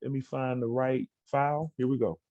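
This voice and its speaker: A man's voice: medium pitch, steady tone, normal speed, warm tone, dry recording, lo-fi sound. A man giving a motivational talk to students over a video call, telling a story and acting out the quoted dialogue. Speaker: keynote speaker. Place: indoors at an outdoor education center.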